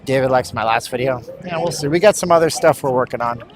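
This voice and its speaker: A man's voice: medium pitch, fast. A man live-streaming while walking outdoors on a hot city street, bluntly rambling to his chat. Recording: street traffic noise.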